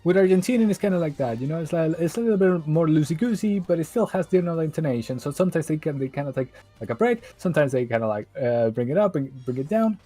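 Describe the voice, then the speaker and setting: A man's voice: a little high, animated, fast talker, hardly any pauses, dark tone, soft background music, rough recording. A man chatting casually on a game stream, rambling loosely and leaning on fillers like "you get me". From Chile.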